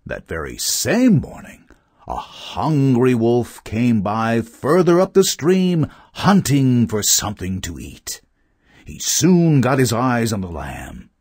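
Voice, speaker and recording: A man narrating children's fables with expressive, measured storytelling. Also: mid-range voice, husky, no room sound, studio quality. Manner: slow, expressive reading.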